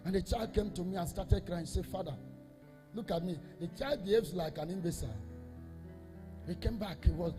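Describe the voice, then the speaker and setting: High-voiced priest preaching. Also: male voice, fairly quick, big-room sound, over music. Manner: emphatic preaching, repeats phrases, swells into half-sung, shouted lines. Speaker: Catholic priest. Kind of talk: sermon.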